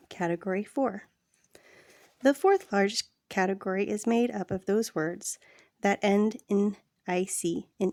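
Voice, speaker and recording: Woman doing a read-along lesson, gravelly and mellow, dry close sound, takes her time. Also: mid-range voice, dry recording. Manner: slow, deliberate reading with asides to the listener. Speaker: language tutor reading a textbook aloud.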